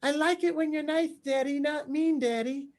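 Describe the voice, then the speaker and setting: A man's voice: extremely high pitch, steady tone, moderate pace, pitched above the performer's own voice. A man voicing a blunt, happy three-year-old boy in a small childlike voice. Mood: sweet.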